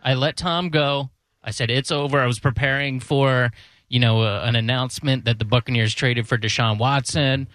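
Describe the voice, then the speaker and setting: A man co-hosting a sports talk show, chatting casually and relaxed. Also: mid-range voice, moderate pace, dry recording. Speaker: radio co-host.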